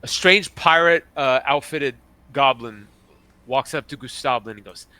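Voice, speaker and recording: A man runs a tabletop game and describes the scene in loose, casual narration. His voice is bright and forceful, sitting at a middle pitch. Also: unhurried, no echo. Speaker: game master.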